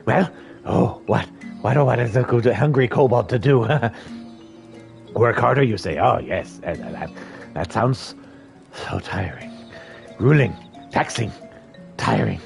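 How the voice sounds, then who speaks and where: A man's voice: medium pitch, expressive, slow pace, vocal fry, pauses often, soft background music, heavily acted. A man voicing a timid, fretful male kobold in a game, stammering and piling up anxious synonyms. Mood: whiny. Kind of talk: reading game dialogue aloud in character.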